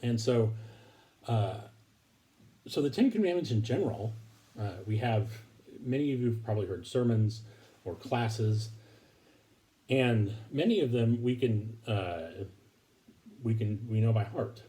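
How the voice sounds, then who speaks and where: A man giving a recorded Bible lesson to his congregation, speaking haltingly with many fillers and restarts. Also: medium pitch, lively intonation, warm tone. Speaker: preacher.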